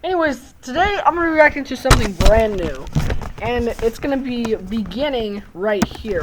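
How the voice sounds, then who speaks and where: Reaction host, woman, casual chatty delivery, lively ups and downs, faint room hum. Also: on the high side, moderate pace. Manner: chatty, laughs often.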